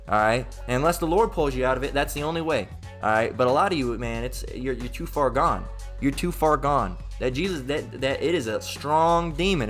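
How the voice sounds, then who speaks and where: A man with a Southern US accent delivers a rough, informal sermon at a medium pitch. He reads verses aloud, then slides into heated, profane tangents and repeats himself for emphasis. Soft music plays faintly underneath. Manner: reads scripture then rants. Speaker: preacher. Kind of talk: informal Bible teaching sermon.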